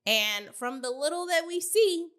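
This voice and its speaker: A woman co-hosting a podcast, recapping a reality show in slangy, animated casual chat. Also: high voice, a little slow. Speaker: podcast co-host.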